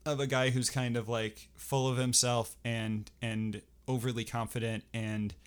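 A man's voice: medium pitch, little pitch movement, a little slow, clear, resonant tone. A man in casual podcast conversation, talking with many restarts and a dry, self-deprecating humor. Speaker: furry performer guest.

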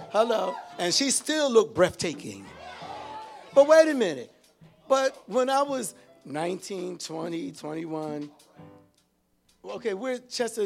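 An older man in his sixties preaching a sermon, exclaiming and calling out to his congregation with sudden shouts. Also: high-pitched, creaky. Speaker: pastor.

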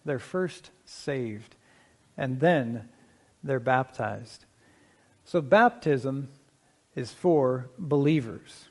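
A middle-aged man preaching a sermon as pastor, speaking in a measured, conversational way, slowing down to stress key points and asking the congregation questions. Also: a little high.

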